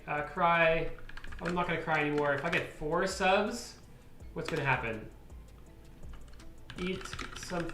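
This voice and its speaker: A man streaming live as he codes, thinking aloud and muttering to himself, with sudden exasperated outbursts. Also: a little high. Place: room at a computer, keyboard clicks. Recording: echoey room, faint noise.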